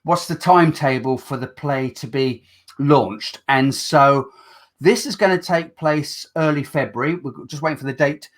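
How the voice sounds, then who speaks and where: A man's voice: fairly high pitch, normal speed. A man hosting a casual chat show in a chatty, self-deprecating way, speaking with a Black Country accent and sometimes stumbling over words. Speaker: host.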